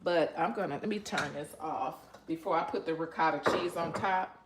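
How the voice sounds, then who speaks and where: Speaking at normal speed in a low-sitting voice, a woman runs a live cooking stream from her home kitchen amid a noisy background. She's emotional with her viewers, bursting into breathy exclamations.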